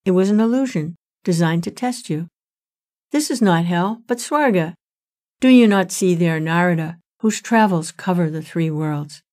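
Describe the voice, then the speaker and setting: A woman reading the words of a calm, fatherly god of justice who reassures his son, in a storybook retelling. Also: fairly low pitch, normal speed, no room sound, clean studio sound, natural voice. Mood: reassuring.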